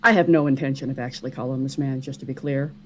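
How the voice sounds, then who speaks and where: A woman's voice: very deep voice, fairly even intonation, fast, slight background noise, pitched below the performer's own voice. A woman voicing a polite, folksy man who speaks with a courteous drawl in a tabletop game. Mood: wary, polite.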